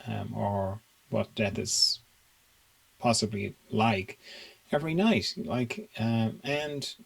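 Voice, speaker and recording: A man's voice: fairly low pitch, slow pace, vocal fry, husky, low-quality recording. Musing man who laughs often. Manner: musing, laughs often, many fillers and restarts. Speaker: spiritual teacher. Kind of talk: reflective monologue.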